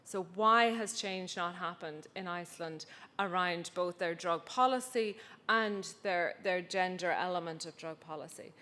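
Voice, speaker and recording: A woman's voice: on the low side, unhurried, sharp tone. A woman giving a conference talk with slides, wry and anecdotal, with many fillers. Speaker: conference speaker. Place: conference hall. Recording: reverberant hall.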